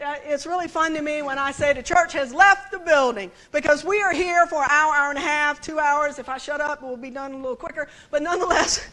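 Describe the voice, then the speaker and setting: A woman preaching a sermon, telling a story in a chatty, animated way and laughing with the congregation. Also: high-pitched. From United States.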